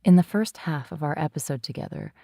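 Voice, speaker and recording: A woman's voice: sits low, big pitch swings, fairly quick, vocal fry, mellow, dry recording, clean studio sound. A woman hosting a podcast, flirtatious and wry, talking while lying in bed. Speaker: podcast host. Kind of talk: scripted intro narration and casual interview chat.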